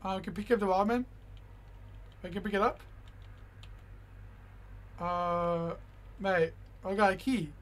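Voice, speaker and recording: A high-pitched young man giving casual gameplay commentary. He is excitable and fills his talk with "yo" and "bro." He repeats lines over and over and talks straight to the game character. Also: a little slow, long pauses. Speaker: gaming YouTuber.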